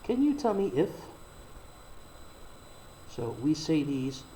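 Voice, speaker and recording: Mellow-voiced man teaching English grammar. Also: a little high, very animated, slight background noise, low-quality recording. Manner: slow, deliberate explaining with read-out examples. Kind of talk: recorded grammar lesson.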